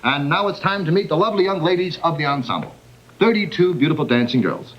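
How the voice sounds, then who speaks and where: A man's voice: on the high side, animated, fast talker. A man telling brash, wisecracking jokes as a comedian in a nightclub sketch. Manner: brash, wisecracking, punchline delivery. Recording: dull 1960s TV audio with loud studio audience. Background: studio audience laughter.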